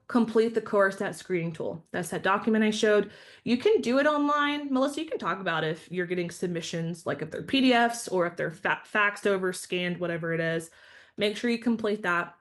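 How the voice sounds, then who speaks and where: A woman leading an online training presentation, walking her audience through steps in a friendly, instructive way. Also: medium pitch.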